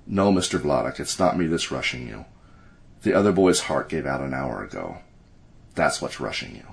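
A man voicing a male doctor who speaks in a calm, measured, assured way. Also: fairly low pitch.

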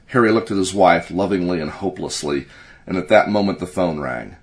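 A man reading a short story aloud as narrator, in a steady storytelling manner. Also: low voice, brisk. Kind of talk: audiobook narration.

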